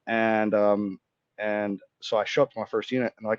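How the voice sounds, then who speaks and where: Speaking a little fast in a lowish voice, this Florida man in his thirties, a veteran, spins animated stories as a podcast guest. He curses freely and acts out dialogue, and the podcast mic sounds dry and slightly dull, with no room sound.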